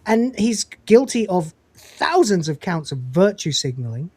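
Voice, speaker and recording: A British man hosts a live panel stream in a high, slightly mellow voice with big pitch swings. In casual panel chat he is profane and mocking, swearing freely and quick to laugh. There is no echo.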